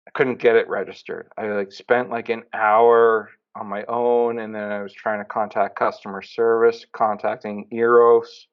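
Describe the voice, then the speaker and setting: A man co-hosting a podcast, chatting casually and telling rambling, excitable stories. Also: fairly low pitch, normal speed, few pauses, clear, resonant tone. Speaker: podcast co-host. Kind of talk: casual chat. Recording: dull lo-fi sound.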